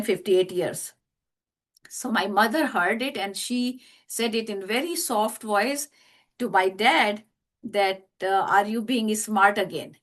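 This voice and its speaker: A middle-aged woman, an interview guest, telling a personal story in a halting way with many fillers and restarts. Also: mid-range voice.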